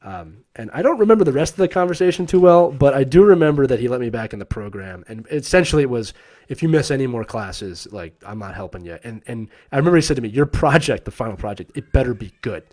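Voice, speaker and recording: A man in his thirties tells a personal story on a live stream in a casual, animated way. His pitch sits in the middle but swings widely, and he slips into the voices of the people he quotes, often with a laugh. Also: quick pace. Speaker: host telling a personal story.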